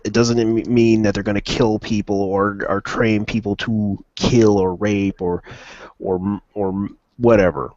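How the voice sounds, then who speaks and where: A man's voice: fairly low pitch, flat delivery, unhurried, darkish tone, no room sound, highs cut off. A man hosting a casual opinion stream, rambling with frequent restarts.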